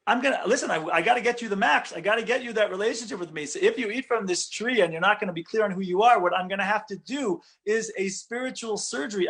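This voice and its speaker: God, as a rabbi puts him on, speaks in a raised, earnest voice, patiently reasoning out his plan. The tone is casual and familiar, closer to a caring mentor than a stern judge, as in a lively storytelling lecture. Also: high-pitched, voice pushed up. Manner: earnest, explaining, casual everyday phrasing.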